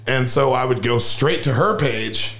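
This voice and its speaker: A man's voice: mid-range voice, unhurried, creaky, a bit bright. A man co-hosting a casual podcast, swearing freely and acting out quotes in a raised voice. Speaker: podcast co-host. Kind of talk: casual profane chat.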